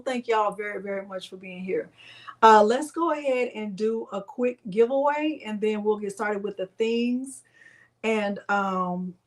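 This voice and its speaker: Chatty woman hosting a craft stream. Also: a little high. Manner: chatty, greets viewers by name, says y'all. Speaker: crafting livestream host. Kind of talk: casual livestream tutorial chat.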